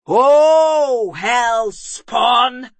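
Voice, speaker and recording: A woman's voice: medium pitch, extremely slow, no echo. A woman voicing a fierce old warrior queen. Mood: defiant.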